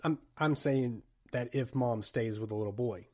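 A man hosting a podcast, chatting about a horror film in a rambling, jokey, animated way. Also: mid-range voice, moderate pace. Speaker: podcast host. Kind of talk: casual movie chat.

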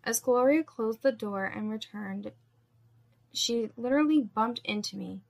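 A woman narrating a first-person story in a steady, measured reading. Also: a little high, vocal fry.

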